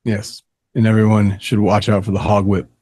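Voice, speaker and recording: Low-voiced teasing podcast co-host. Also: male voice, flat delivery, normal speed, warm tone, husky, dry recording. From upstate New York. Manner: dry joking, teasing. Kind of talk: casual podcast chat.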